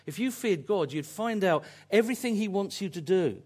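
A man's voice: high voice, animated, moderate pace, a little mellow. A man preaching a sermon, earnest and fond of repeated phrases and pointed questions.

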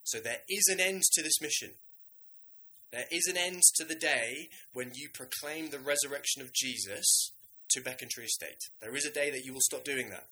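A man preaching a sermon in a lively, conversational way, now and then acting out the voices of biblical figures. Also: mid-range voice, moderate pace, poor audio.

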